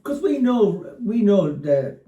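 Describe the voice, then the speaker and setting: A man co-hosting a podcast, chatting and reacting in an animated way. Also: high-pitched, slow pace, reverberant, recorded from a distance, muffled recording. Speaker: podcast co-host. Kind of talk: casual chat.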